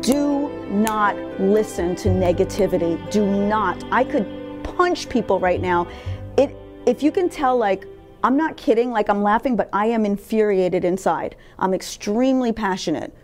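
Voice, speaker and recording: In this interview, the guest, a woman in middle age, speaks bluntly and with emphasis about her life, cursing without restraint. She has a medium pitch and an animated delivery at a moderate pace, with music playing in the background.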